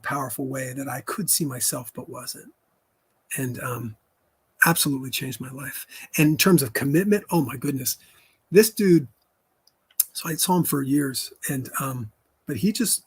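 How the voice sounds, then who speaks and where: A man's voice: on the high side, breathy edge, no room sound. A man in his fifties hosting a live stream, talking candidly and telling stories in which he quotes other people. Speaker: host.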